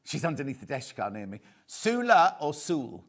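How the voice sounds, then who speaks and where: Hosting a live TV shopping show, this man talks at a racing speed in a medium-pitched voice. He's chatty, camp and jokey, reading out viewer messages as he goes.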